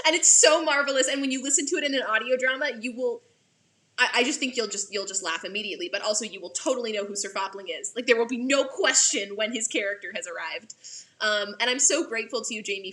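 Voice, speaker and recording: A woman's voice: mid-range voice, pushed and bright. A woman directing a play, chatting with an actor over a video call, gushing and laughing often, rambling with fillers. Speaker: assistant artistic director, director of the play.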